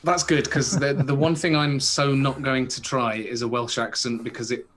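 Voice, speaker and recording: A man's voice: mid-range voice, level tone, moderate pace, crowd noise. A British man co-hosting a casual podcast chat, rambling with many restarts. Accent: British English. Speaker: podcast co-host.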